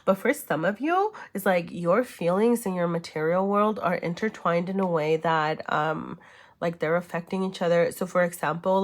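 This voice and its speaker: Chatty woman giving a tarot reading. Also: fairly low pitch. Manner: chatty, many fillers and check-ins; reassuring, speaks straight to the viewer. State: sniffling. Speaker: tarot reader. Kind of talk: casual weekly tarot reading.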